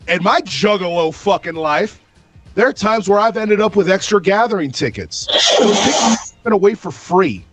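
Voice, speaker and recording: A man with a high voice argues hard on a podcast call, swearing in nearly every sentence and raising his voice to a shout. He talks as though he's furious. Faint music plays underneath. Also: dry recording. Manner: profane, combative, repeats himself, often shouting. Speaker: debate participant. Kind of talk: heated podcast argument over a call.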